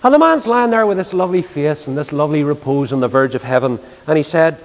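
Animated preacher man in a reverberant hall. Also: a little high, brisk, slight background noise. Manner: animated, swinging from loud exclamations to hushed tones. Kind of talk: storytelling sermon. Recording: long reverb of a large hall.

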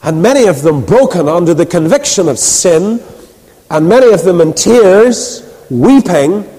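In a reverberant hall, a man preaches a sermon with animated storytelling, rhetorical questions, and acted-out voices for the people he quotes. His voice is husky, sits high, and moves at an unhurried pace.

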